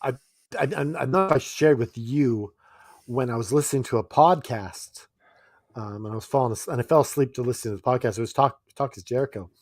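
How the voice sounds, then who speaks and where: A man's voice: mid-range voice, brisk, no room sound. Laughing male podcast co-host, dry mic. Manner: animated, laughs often, acts out quoted lines. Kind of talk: casual chat.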